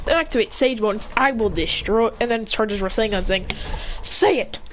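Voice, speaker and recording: A woman's voice: mid-range voice, brisk, highs cut off, slight background noise. A woman casually retelling an imagined story in a rambling way. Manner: rambling, with fillers and restarts.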